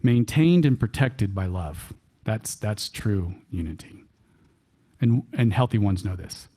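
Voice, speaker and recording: A man with a Texan accent giving a church workshop talk, animated and folksy, chuckling often and repeating key phrases for emphasis. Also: fairly low pitch, a little slow, slightly rough. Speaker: workshop speaker. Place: church hall.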